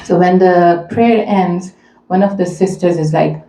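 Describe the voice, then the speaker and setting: A woman's voice: lowish voice, fairly even intonation, measured pace, warm tone, slight background noise. A woman telling a personal story as a mother to a community audience, earnestly and conversationally, with many fillers. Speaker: mother speaking at a community event. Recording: echoey room.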